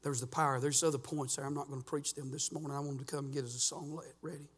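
A man preaching a sermon as pastor in a church, folksy and fervent, peppering his talk with "uh" and rising to shouts. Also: a little high, steady tone, very fast, slightly rough, big-room sound. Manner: folksy preaching with frequent "uh" fillers. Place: church sanctuary.

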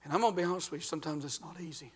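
An older man, a pastor preaching a folksy sermon that swings between loud and quiet. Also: a little high, fairly even intonation, rapid-fire, breathy edge.

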